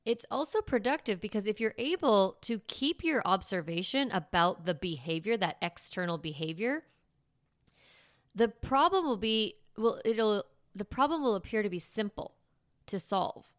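A woman hosting a parenting podcast gives a casual advice monologue in a mid-range, animated voice at a measured pace. She's chatty, with lots of fillers and restarts, and the studio recording is clean with no room sound.

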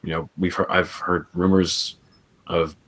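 Male co-host with a very low voice, relaxed, hedging explainer. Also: unhurried, slightly rough. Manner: easygoing, explanatory, hedging with "I think". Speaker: podcast co-host. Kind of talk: casual chat.

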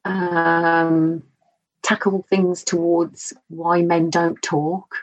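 A woman's voice: on the low side, level tone, drawn-out words, low-quality recording. A woman guest on a podcast, speaking in friendly, hesitant chat with fillers. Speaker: guest, mental health trainer. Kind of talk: casual interview chat.

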